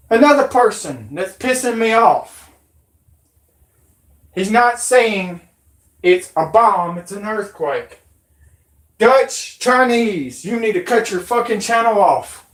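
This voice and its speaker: Woman host, slow and hostile, cursing rant in an echoey room. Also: medium pitch. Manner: aggressive, profane, threatening. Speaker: channel host. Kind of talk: angry rant. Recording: roomy echo.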